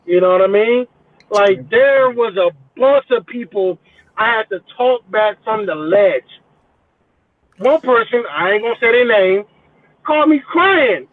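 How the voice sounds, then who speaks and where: Guest, male, very high voice, foul-mouthed storyteller, phone-quality dry line. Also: moderate pace, no echo. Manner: profane, animated, mimics people in quotes. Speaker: podcast guest. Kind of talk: casual storytelling.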